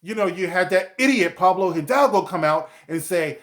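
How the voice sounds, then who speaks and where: A man's voice: high-pitched, lively intonation, normal speed, fairly bright tone. A man giving a profane, sarcastic rant as a video commentator, with many fillers like "you know". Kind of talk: ranting commentary vlog.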